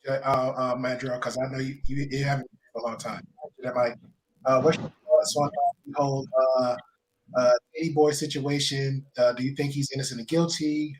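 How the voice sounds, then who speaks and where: A man's voice: mid-range voice, fairly bright tone, a little hiss or hum, poor audio. A man hosting a live panel discussion, talking loosely with many ums and restarts. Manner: loose, hesitant, lots of ums. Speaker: host.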